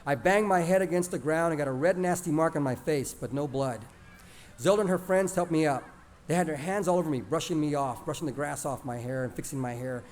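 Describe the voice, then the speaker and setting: A man's voice: a little high, a little fast. A man narrating a first-person childhood story in a plain, conversational way. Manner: lively, plainspoken, conversational retelling.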